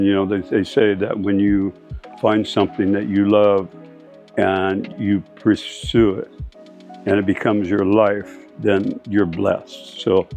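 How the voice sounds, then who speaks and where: A surfer and board shaper in his seventies from California reminisces in an interview, telling old stories in a rambling, anecdotal way. His voice is on the low side and a little mellow, heard through dull lo-fi audio with faint music.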